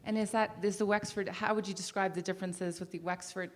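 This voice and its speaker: A woman moderator leads a festival panel with casual, friendly questions. Her voice sits at a middle pitch, and she hedges and laughs at herself as she asks. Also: steady tone, fast, slight background noise. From lived in Ireland as a child. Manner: apologetic, self-deprecating, chatty questioning. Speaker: interviewer, moderator. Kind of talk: interview questions.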